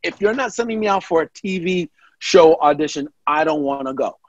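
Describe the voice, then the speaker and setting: A man's voice: fairly high pitch, a little fast, no room sound, muffled recording. A man, a guest comedian, telling a story in casual chat and acting out the people he quotes. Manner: animated, acts out quoted voices.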